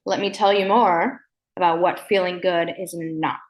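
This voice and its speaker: On her self-help podcast, a woman with a lowish voice and fairly even intonation speaks deliberately slowly and emphatically. She's frank and playful, swears casually, and keeps checking in with "okay?"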